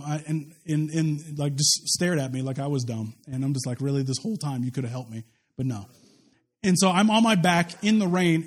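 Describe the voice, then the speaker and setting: A high-voiced pastor preaches conversationally, telling stories with self-deprecating humor and often repeating or restarting words.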